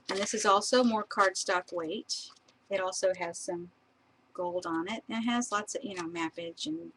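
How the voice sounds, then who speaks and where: Woman, chatty craft live stream, casual, frequent laughs, mid pitch, faint hiss. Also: fairly bright tone, poor audio. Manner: chatty, laughs often, admiring asides. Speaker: crafter showing papers.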